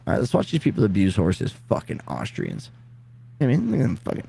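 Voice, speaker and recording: A man's voice: fairly low pitch, wildly swooping pitch, a little fast, vocal fry, warm tone, slightly rough. A man from Alberta, Canada, co-hosting a casual live chat show with profane banter.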